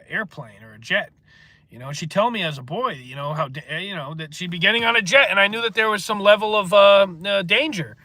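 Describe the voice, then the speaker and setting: A man with a stuffy nose talks in a loose, meandering way, often stopping on filler words. His voice sits a little high for a man and has a bright, forceful edge. He hosts a casual livestream and reads out viewer comments. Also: no echo. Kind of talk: rambling casual monologue.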